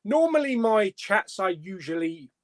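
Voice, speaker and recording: A man hosting a casual live-stream chat, jokey and quick to laugh. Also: high-pitched, sing-song, no room sound. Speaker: host of a live chat show.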